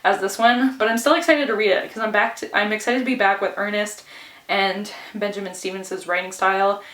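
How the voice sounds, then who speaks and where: A woman's voice: medium pitch, steady tone, brisk, a bit bright, roomy sound, far from the mic. A woman book vlogger talking casually and chattily, giggling often and filling her talk with "like" and "anyways", a little out of breath. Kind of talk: casual reading vlog.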